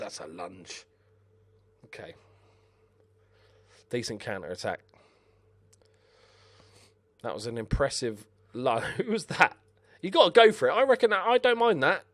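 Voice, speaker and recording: An excitable young man talks his way through a football management game, swearing and shouting at his players. His voice swings widely in pitch, leaping up with every near miss. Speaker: gaming commentator. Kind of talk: casual let's-play commentary.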